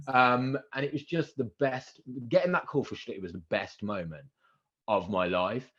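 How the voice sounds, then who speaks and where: A man in his thirties, a radio presenter, telling animated stories as a podcast guest and acting out the quotes. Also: medium pitch, normal speed, muffled recording. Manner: animated anecdotes with acted-out quotes and excited outbursts. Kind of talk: casual interview storytelling.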